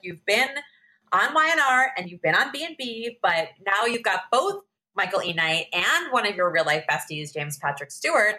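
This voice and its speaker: A woman's voice: mid-range voice, pushed and bright. A woman co-hosting a podcast interview who asks questions in a chatty, upbeat way. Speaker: podcast co-host.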